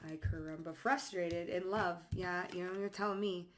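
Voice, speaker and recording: A woman with a somewhat low voice talks through a tarot reading in a loose, casual way. She is blunt and sassy and swears freely. She reads out card phrases in short bursts. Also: fairly even intonation, moderate pace, slight background noise. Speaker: psychic tarot reader.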